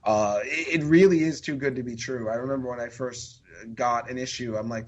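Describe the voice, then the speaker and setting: A man's voice: medium pitch, fairly even intonation, fairly quick, highs cut off. A man talking as a podcast guest in a rambling, chatty way full of fillers and restarts. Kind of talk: casual podcast chat.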